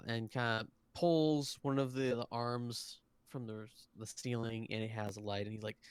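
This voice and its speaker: A man's voice: mid-range voice, smooth, no room sound. A man narrating as game master of a tabletop game on a live stream, rambling through scenes with frequent fillers. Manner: rambling, many fillers and restarts. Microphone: close desk mic, online stream.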